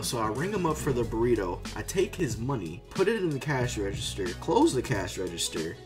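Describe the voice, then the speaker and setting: Young man rambling through a story. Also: medium pitch. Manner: rambling, filler-heavy, animated storytelling. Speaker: vlogger. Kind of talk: casual storytime. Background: background music.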